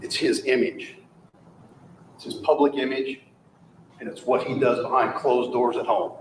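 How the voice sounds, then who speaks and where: A man delivering a closing argument in a courtroom, pressing the jury with forceful, rhetorical questions. His voice sits at an ordinary middle pitch, and it rings in a roomy hall with a faint hum underneath. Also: flat delivery, unhurried. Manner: forceful, rhetorical, mocking quotes of the defendant. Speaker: prosecutor.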